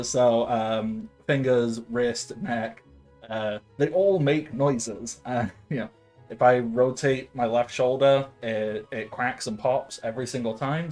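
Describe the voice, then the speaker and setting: Slow and slightly dark in tone, a mid-range male voice belongs to a late-twenties game master rambling through a tabletop game. He fills gaps with filler sounds and laughs often as soft music plays.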